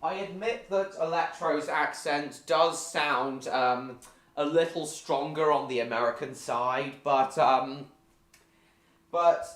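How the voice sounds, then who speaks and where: A man's voice: mid-range voice, fairly bright tone, reverberant. A man chatting casually on a live stream while gaming, answering viewers by name with many hesitant ums.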